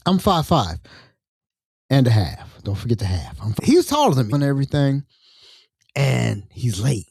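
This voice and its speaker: A man hosting a podcast, telling a story in casual chat and acting out the people in it with lively, colloquial phrasing. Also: mid-range voice, moderate pace, creaky, pauses often, husky, no room sound. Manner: animated storyteller acting out quoted voices. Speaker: podcast host.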